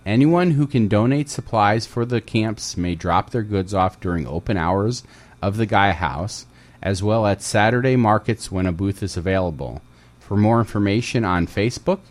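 A man's voice: fairly low pitch, animated, normal speed. A man co-hosting a community radio show in casual chat, joking and reading out listings. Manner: jokey, laughs often, reads listings. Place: radio studio.

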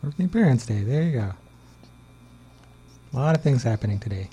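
A man's voice: medium pitch, lively intonation, normal speed, dark tone, a little hiss or hum. A man co-hosting a community radio show, easygoing and reading out announcements in casual chat. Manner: easygoing, laughs, reads announcements. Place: radio studio.

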